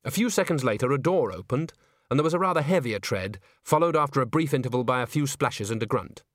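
A man narrating a story aloud in an expressive, scripted reading. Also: mid-range voice, quick pace, no echo, clean studio sound. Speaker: audiobook narrator.

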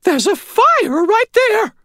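A man voicing a feisty, squeaky little old woman in an audiobook, querulous and scolding. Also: very animated, moderate pace, no room sound, clean studio sound, full character voice. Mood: alarmed. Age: older. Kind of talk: audiobook narration.

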